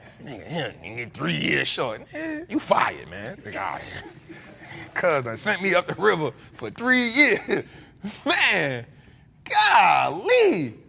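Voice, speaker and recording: An American man hosting a casual chat, joking and breaking into loud exclamations. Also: on the high side, wildly swooping pitch, slow pace, creaky, a little hiss or hum. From United States. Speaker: podcast host.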